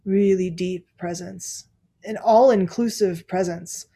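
A woman's voice: fairly low pitch, steady tone, slow pace, dark tone. Reflective woman giving a dharma talk. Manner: reflective, laughs often, many fillers. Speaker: Zen teacher.

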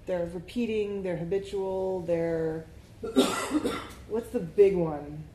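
Woman meditation teacher, slow easy dharma talk, mellow low voice, keeps asking "right?", echoey room. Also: fairly even intonation. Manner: slow, reflective, often asks "right?". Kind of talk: dharma talk with group discussion. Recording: echoey room, faint background noise.

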